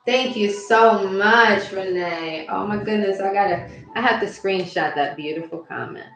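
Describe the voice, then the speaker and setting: A woman mindset coach on a phone livestream, talking casually and warmly to viewers and reading their comments aloud. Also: mid-range voice, unhurried. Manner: warm, chatty, addresses viewers directly and reads their comments aloud. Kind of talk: casual motivational livestream talk. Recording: very echoey room with faint music.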